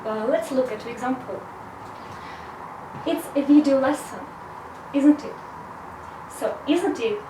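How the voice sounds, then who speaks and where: An English teacher with a high voice presents a grammar lesson on video, leaning on "so" as she explains things slowly and methodically. She's recorded from a distance in a reverberant room, and background noise is present.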